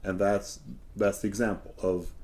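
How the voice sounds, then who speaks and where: Low, mellow-voiced male acting coach. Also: little pitch movement, moderate pace. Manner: patient and explanatory, often asks "right?". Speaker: acting teacher. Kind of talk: one-on-one coaching talk.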